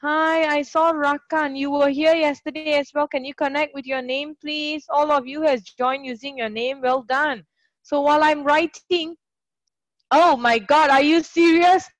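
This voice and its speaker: A woman's voice: high-pitched, steady tone, normal speed, dry recording. A woman tutoring English in a live online class, chatty and encouraging, greeting students by name.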